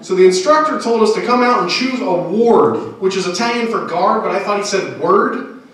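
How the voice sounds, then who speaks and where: A man's voice: sits high, moderate pace, distant mic. Self-deprecating young man doing stand-up. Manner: self-deprecating, animated delivery. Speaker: stand-up comedian. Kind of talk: stand-up comedy set. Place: comedy club stage. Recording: echoey room, mic heard from afar.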